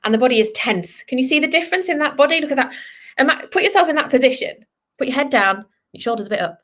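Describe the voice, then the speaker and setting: A woman vet giving an online lesson to children, lively and encouraging, sometimes voicing what a dog is thinking. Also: high voice, quick pace. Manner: lively, speaks to children, voices the dog's thoughts. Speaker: veterinarian teaching children.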